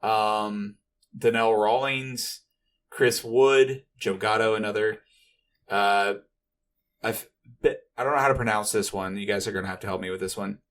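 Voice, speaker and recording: A man co-hosting a podcast in casual chat, halting and stumbling over names as he reads them out. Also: fairly low pitch, steady tone, fairly bright tone. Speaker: podcast co-host. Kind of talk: casual chat, reading out a list.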